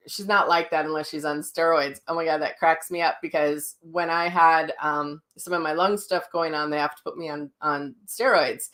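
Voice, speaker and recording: A middle-aged woman talks in a loose, chatty way, blunt and ready to laugh at herself. Her voice sits a little low for a woman. She answers viewer comments in a casual live session. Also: fairly even intonation, moderate pace, hardly any pauses, a bit bright. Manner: blunt, chatty and self-mocking, with frank language. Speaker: psychic medium hosting a daily live session.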